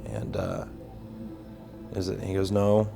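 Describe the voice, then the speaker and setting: Low, flat-voiced man recounting. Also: creaky, faint music behind. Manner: halting, recounting with restarts, low and steady. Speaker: tornado survivor and rescuer. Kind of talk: documentary testimony.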